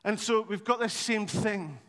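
Male preacher, bright high voice, chatty storytelling sermon, long reverb of a church hall. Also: a little slow. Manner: animated, conversational storytelling with humour.

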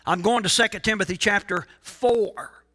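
Emphatic pastor preaching with a high, bright voice. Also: male voice. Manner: emphatic preaching with rhetorical questions and pauses. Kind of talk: sermon.

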